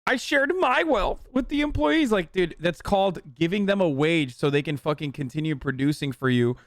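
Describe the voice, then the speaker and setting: A man's voice: a little high, moderate pace, no room sound, clean studio sound. A man streaming live and reacting to a video, mocking and swearing through a heated political rant.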